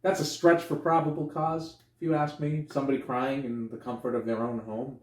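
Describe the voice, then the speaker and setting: Animated, swearing man in an echoey room. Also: fairly quick, a little hiss or hum. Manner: animated retelling, acts out characters with sudden high yelps, swears freely. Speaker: podcast co-host. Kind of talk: casual movie review chat.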